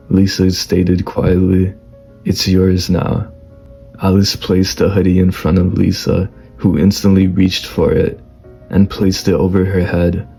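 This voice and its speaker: Deep husky guy doing a whispered role-play story read, slow and flat, soft music under it. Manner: slow, low soft storytelling with stammered dialogue. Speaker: fan fiction reader.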